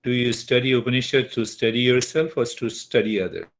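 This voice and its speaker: A man's voice: medium pitch, a little fast. A man teaching a class on Eastern wisdom. He repeats key words and often checks in with his listeners. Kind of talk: spiritual lecture to a class. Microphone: computer mic, online class.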